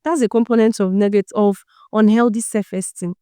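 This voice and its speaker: Lady doing a motivational talk, smooth clear voice, preachy n playful, lots of questions at the listener. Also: medium pitch, fairly quick, no echo, clean studio sound. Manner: lively, preachy, full of rhetorical questions and teasing. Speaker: self-help podcast host.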